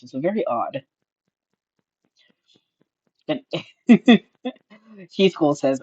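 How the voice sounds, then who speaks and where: A streamer delivers casual, mocking reaction commentary and often breaks into laughter. The voice swings widely in pitch and sometimes shoots up into shrieks. The recording is dry and slightly muffled, like a lo-fi mic. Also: animated, measured pace, long pauses, a little mellow, dry recording.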